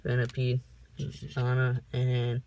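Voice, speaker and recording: A young man giving casual unboxing commentary, reading off cards in a slow list broken by sudden high whoops, recorded on a camera mic in a room at home. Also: monotone, background noise. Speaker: card-opening vlogger.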